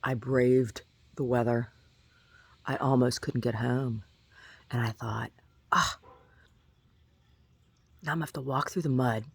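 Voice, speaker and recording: A woman vlogger talking in a rambling, chatty way, often asking "right?" and at times jumping up into a high squeaky pitch. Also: fairly even intonation, measured pace, vocal fry, pauses often, slightly rough, no echo. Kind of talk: casual rambling monologue.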